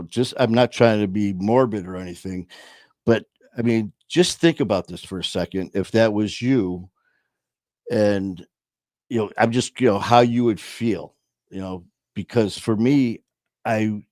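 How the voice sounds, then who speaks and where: A man hosting his own show, telling a personal story in a slow, reflective way with many pauses and fillers. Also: low voice, a little mellow, no room sound, clean studio sound.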